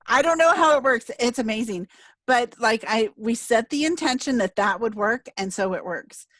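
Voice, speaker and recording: A woman's voice: on the high side, moderate pace, a bit bright, no echo. A middle-aged woman hosting a casual interview, telling a heartfelt story in an earnest, emotional way. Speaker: podcast host and speaker.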